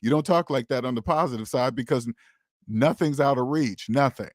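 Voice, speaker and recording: A finance channel host talks to his viewers in a casual, emphatic monologue, peppered with rhetorical questions and a repeated "okay?". His voice is medium in pitch and brisk, recorded at studio quality with no room sound.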